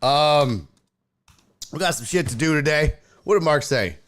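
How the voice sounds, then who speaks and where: A man's voice: on the high side, expressive, measured pace, fairly bright tone. A man hosting a casual sports talk live stream, reacting to his chat, laughing often and swearing freely.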